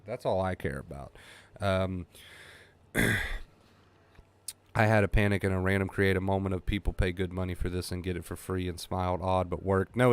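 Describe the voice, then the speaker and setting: Lower-voiced man coaching a live stream. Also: smooth. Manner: blunt, coaching, repeats himself for emphasis. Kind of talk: live-stream talk to chat.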